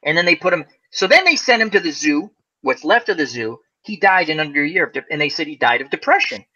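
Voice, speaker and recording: A man hosting a casual fireside chat, telling a long story in an animated way, acting out the voices of the people in it and laughing often. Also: fairly high pitch, fast. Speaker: host. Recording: lo-fi muffled audio.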